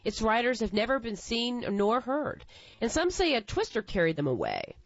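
A woman reads a tall tale aloud in a fairly high voice. Her delivery lilts with lively rises and falls. The recording sounds dry and a little dull. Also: moderate pace, dry recording. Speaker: storyteller.

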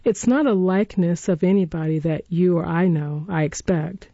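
A woman's voice: fairly low pitch, normal speed, mellow, no room sound, lo-fi sound. A woman voicing a kindly, bustling old housekeeper in a storybook reading, motherly and fond. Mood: fond, coaxing.

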